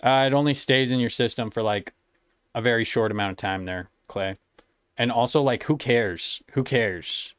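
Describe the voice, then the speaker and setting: A man talks over his stream in a relaxed, mocking way, laughing at his own jokes and swearing freely. His voice sits at an ordinary middle pitch. The sound is dry and close to the mic. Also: no room sound. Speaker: streamer reacting to clips. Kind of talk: casual live-stream commentary.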